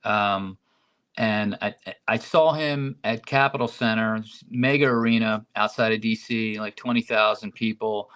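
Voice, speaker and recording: A man's voice: fairly low pitch, fairly even intonation, a little slow, a bit bright, clean tone. A man, a rock singer guest, chatting casually and admiringly over a remote call, often adding "man". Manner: admiring, peppers speech with "man". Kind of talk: casual podcast chat.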